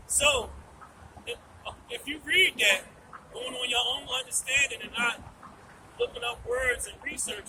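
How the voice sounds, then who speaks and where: A man outdoors reading scripture aloud and explaining it slowly. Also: extremely high pitch, distant mic, background noise.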